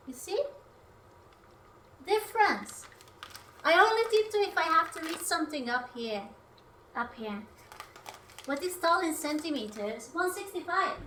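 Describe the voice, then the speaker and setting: A woman's voice: sits high, sharp tone, a little hiss or hum. A young woman from Hungary, chatting casually on a livestream while she cooks, playful and self-mocking. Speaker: streamer.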